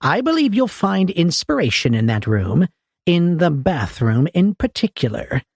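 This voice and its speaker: A man puts on an elderly lady's voice, pitched well up from his own, with an abrasive, grating edge. She speaks with chilly politeness and lets her words land slowly. The recording is dry and close, with a slightly husky grain. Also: sing-song, darkish tone, no room sound, full character voice. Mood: coldly cordial. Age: older. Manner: cordial tone with icy undertone. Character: abrasive old lady of the house, coldly polite.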